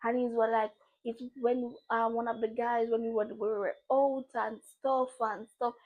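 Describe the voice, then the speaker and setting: A woman's voice: fairly high pitch, flat delivery, normal speed, narrow, tinny audio. A young woman vlogger telling a personal story, repeating phrases for emphasis and acting out the dialogue. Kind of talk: emotional storytime monologue.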